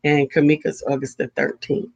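A man in casual, playful chat who talks easily and agrees warmly with his co-host. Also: fairly high pitch, little pitch movement, normal speed.

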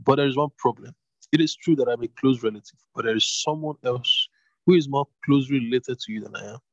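A man's voice: medium pitch, quick pace, no echo, highs cut off, natural voice. A man doing a kind, generous old landowner. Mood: reassuring.

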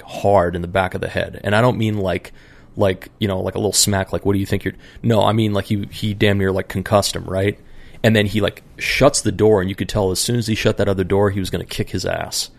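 A man's voice: low-pitched, vocal fry. A man telling a story in a casual chat, rambling, profane and full of fillers.

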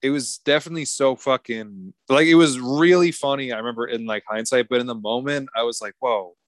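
A man's voice: medium pitch, fairly quick, no echo. Rambling, laughing young man telling a story. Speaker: podcast co-host. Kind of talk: casual chat.

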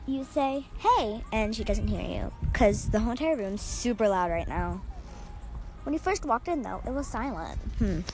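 A woman's voice: mid-range voice, animated, moderate pace, a little mellow, soft background music. A woman casually reading a second-person fan story aloud, rambling and correcting herself as she goes. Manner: rambling, self-correcting, breezy.

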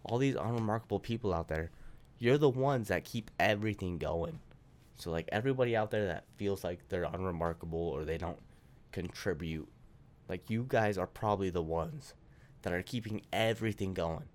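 A man's voice: low voice, lively intonation, moderate pace. A man co-hosting a casual podcast, rambling with lots of swearing and filler words. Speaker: podcast co-host.

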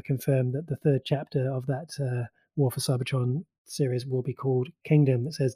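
A man's voice: mid-range voice, mellow, husky, no room sound. A man co-hosting a podcast, reading pop-culture news in a chatty, rambling way with many fillers. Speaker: podcast co-host.

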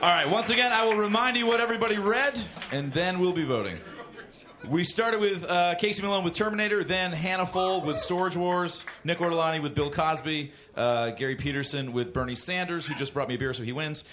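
A man's voice: high voice, fairly quick. A man hosting a live comedy show, announcing contestants and running the applause vote. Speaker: show host. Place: comedy club stage. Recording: loud crowd noise around the mic.

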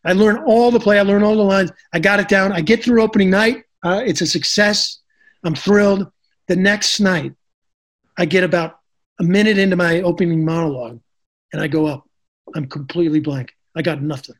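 A man's voice: high-pitched, moderate pace. A middle-aged man, an actor, telling stories in a casual interview, chatty with lots of restarts and fillers. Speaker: actor, guest.

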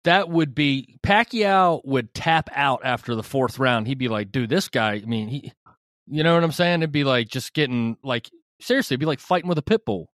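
A man co-hosting a boxing podcast, laying out his view calmly in casual chat, with many fillers. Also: fairly high pitch, normal speed, hardly any pauses, no room sound, clean studio sound. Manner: relaxed, reasoned, lots of fillers. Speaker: podcast co-host.

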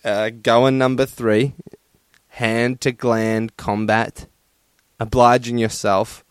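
Crude, profane young podcaster. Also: male voice, medium pitch, little pitch movement, takes it slowly, smooth, no echo. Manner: crude, profane and laughing, with lots of fillers. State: sunburnt and hot. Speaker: podcast host. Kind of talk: casual solo podcast rant. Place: his room at home.

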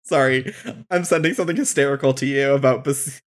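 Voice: mid-range voice, a little fast. A podcast co-host in casual chat who laughs often and swears casually.

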